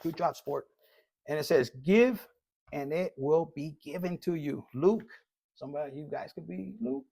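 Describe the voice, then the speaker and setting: Husky, profane male tarot reader. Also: a little high, lively intonation, mellow, dry recording. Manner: blunt, profane and joking, mixing in Spanish slang; reads card messages aloud slowly. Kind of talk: casual collective tarot reading.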